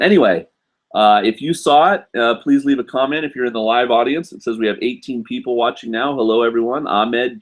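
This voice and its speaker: A man hosting a casual live stream from home, chatting loosely with lots of fillers and restarts. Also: fairly low pitch. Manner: rambling, many fillers and restarts.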